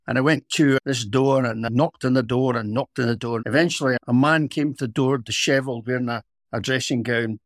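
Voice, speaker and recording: A middle-aged Scottish man, a former police officer co-hosting a podcast, telling a story in a measured, reflective way. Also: mid-range voice, steady tone, no echo, studio quality. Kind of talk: casual storytelling.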